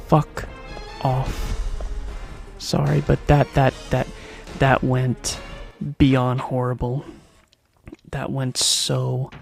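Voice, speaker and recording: A man's voice: medium pitch, creaky. A man giving casual gameplay commentary, fretting and repeating himself as he mutters complaints over faint game music. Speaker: let's play commentator.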